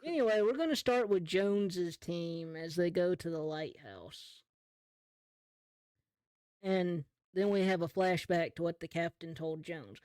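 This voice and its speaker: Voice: mid-range voice, expressive, measured pace, a little mellow, clear, resonant tone, no echo. A game master runs a pirate tabletop session in a loose, joking way, prodding the players for answers. The sound is close and dry. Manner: casual, laughing, playful narration.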